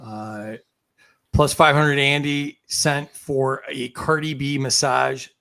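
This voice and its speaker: A man's voice: medium pitch, steady tone, slow pace, gravelly, sharp tone. A man hosting a casual online game show, reading out points and viewer comments. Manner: reads out points and comments, trailing off.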